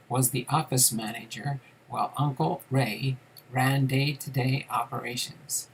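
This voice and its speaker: Guy hosting a card stream, kinda gravelly voice, goofs around w chat then reads stuff out, bit of hiss. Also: mid-range voice, low-quality recording. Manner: jokey banter with chat, reads history in a steady tone. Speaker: host of a live card-collecting stream. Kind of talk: casual live stream chat and reading aloud.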